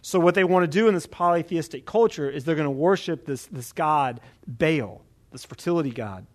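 Preacher guy teaching the bible, lively and chatty, keeps asking okay?, voice a bit high. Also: moderate pace. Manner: conversational, animated, checks in with "okay?".

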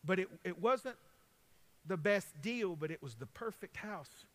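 A man's voice: sits high, lively intonation, unhurried, a bit bright. A man, a pastor preaching a folksy, conversational sermon full of personal stories, talking straight to his congregation. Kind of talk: storytelling sermon.

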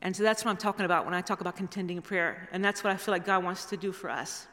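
A woman's voice: fairly low pitch, fast. A woman giving a guest sermon, telling stories in a rambling way with restarts and asides. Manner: rambling, warm storytelling with restarts. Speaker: guest speaker. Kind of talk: storytelling sermon. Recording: reverberant hall.

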